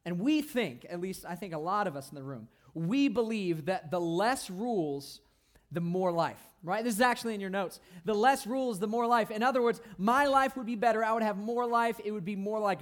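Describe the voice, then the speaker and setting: Playful, high-voiced young man preaching. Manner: animated, playful, asks the crowd "right?" often. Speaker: youth pastor. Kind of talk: youth sermon.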